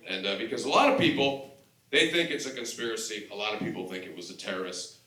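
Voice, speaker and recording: A man doing a stand-up comedy set on stage, telling profane, animated stories and breaking into mock shouting. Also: lowish voice, fast talker. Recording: echoey room from far off, noisy. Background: audience laughter.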